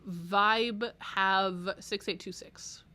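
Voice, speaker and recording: A woman's voice: medium pitch, fairly even intonation, drawn-out words, bright, forceful tone. A Canadian woman co-hosting a podcast, chatting casually, giggling and reading out listener comments. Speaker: podcast co-host.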